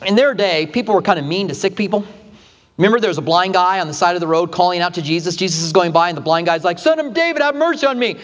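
A man's voice: steady tone, fast talker, big-room sound. A male pastor delivering a sermon, telling the story dramatically with acted quotes. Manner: dramatic retelling with acted quotes, shifting pitch widely.

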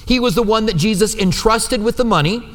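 A man's voice: high voice, a little fast. A male pastor preaching a conversational sermon in a church, often asking his listeners for agreement. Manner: conversational, asks the room for agreement. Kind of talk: sermon teaching. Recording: long hall reverb.

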